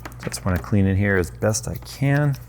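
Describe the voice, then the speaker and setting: On the lower side, expressive and a little mellow, a brisk-talking man in his thirties demonstrates a cleaning job at his workbench. This tech YouTuber keeps his how-to chatty and loose, sprinkled with jokes at his own expense, as soft music plays underneath.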